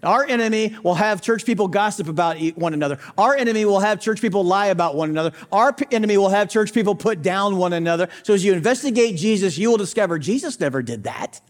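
A man's voice: sits high, expressive, fast talker, few pauses. A male pastor preaching a sermon, hammering points through repetition, asking rhetorical questions and speaking straight to skeptics in the room. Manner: emphatic, repetitive preaching cadence.

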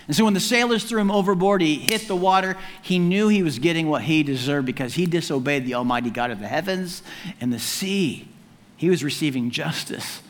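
A man preaching a sermon as pastor in an animated, conversational and humorous way. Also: fairly high pitch, a little fast. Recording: long hall reverb.

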